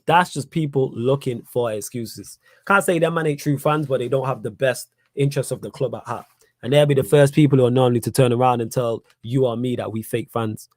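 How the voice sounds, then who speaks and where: A young fan channel host from Manchester, England, runs a live fan Q&A stream in his Manchester accent. His mid-range voice is fast and a little mellow in a dry recording, and he's blunt and repetitive, growing heated as he argues his points.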